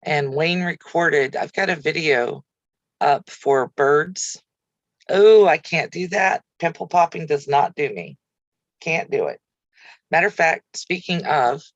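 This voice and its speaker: A woman's voice: deep voice, no echo, dull audio. A woman hosting a casual livestream chat, talking easily and answering viewer comments by name. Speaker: craft channel host.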